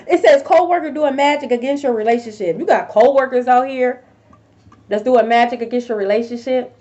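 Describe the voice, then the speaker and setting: A woman giving a casual tarot reading to viewers, blunt and profane, with sudden loud outbursts. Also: fairly high pitch, brisk, dull audio. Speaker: tarot reader.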